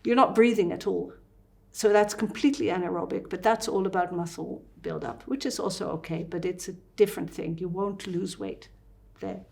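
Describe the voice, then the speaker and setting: A woman fasting doctor with a Dutch accent, explaining fitness and breathing in an interview with lively asides. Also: fairly low pitch, creaky.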